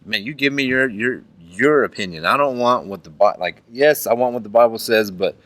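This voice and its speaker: A man's voice: mid-range voice, normal speed, a bit bright, dry recording. A man hosting a faith podcast, talking in an earnest, rambling way with many restarts. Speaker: podcast host. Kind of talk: casual chat.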